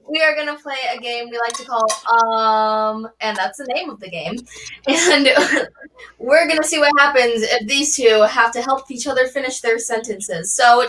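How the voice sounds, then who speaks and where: A woman's voice: fairly high pitch, fairly bright tone, far from the mic, slight background noise. A woman hosting an online improv show, introducing games and guests in an upbeat, chatty way. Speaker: host. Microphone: video call.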